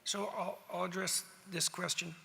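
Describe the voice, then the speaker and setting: Gravelly man moderating in a hall. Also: high-pitched, flat delivery, sharp tone, slight background noise. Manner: halting, restarts while framing long questions. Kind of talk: panel moderation. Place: large hall with audience. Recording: reverberant hall with audience.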